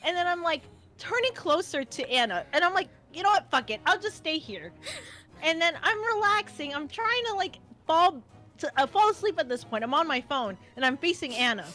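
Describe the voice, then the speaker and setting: A woman telling a funny story on a livestream, animated and swearing freely as she acts out what people said. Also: very high voice, a little fast, soft background music. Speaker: guest co-streamer. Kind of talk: casual storytelling chat.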